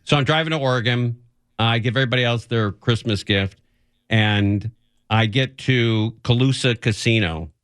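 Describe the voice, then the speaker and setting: A man's voice: mid-range voice, normal speed, fairly bright tone, clear, resonant tone, dry recording, studio quality. A man hosting a radio show, telling a rambling, self-mocking story in casual chat and laughing often.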